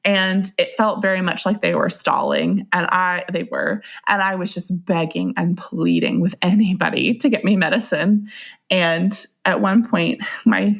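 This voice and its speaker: A woman's voice: on the low side, lively intonation, measured pace, gravelly. A young adult woman telling her own story as a podcast guest, in a casual, conversational way and often laughing as she goes. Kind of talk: personal storytelling.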